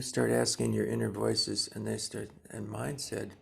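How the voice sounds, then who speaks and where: An older man in his seventies gives a dharma talk in a low voice with a heavy gravelly fry. He moves slowly and gently, stopping often to search for words. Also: little pitch movement. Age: 70s. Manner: slow, gentle, pausing with many fillers. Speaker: Zen teacher.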